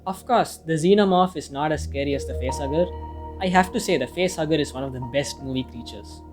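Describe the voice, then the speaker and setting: A man's voice: a little high, fast talker. A man reading a casual, opinionated film review, now and then swearing mildly. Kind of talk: scripted review narration. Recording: music playing faintly behind.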